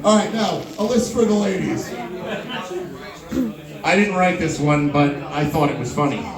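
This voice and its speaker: Young guy comic, high and lively, playful crowd banter; echoey room, off-mic, audience audible. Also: normal speed, far from the mic. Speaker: stand-up comedian. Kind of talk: stand-up comedy set. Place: live comedy venue with audience.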